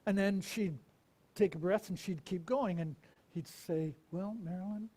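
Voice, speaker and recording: Man preaching with soft whispered asides. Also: high voice, slow pace, breathy edge. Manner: storytelling, dramatic swings from loud to whispered. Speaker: minister. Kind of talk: sermon.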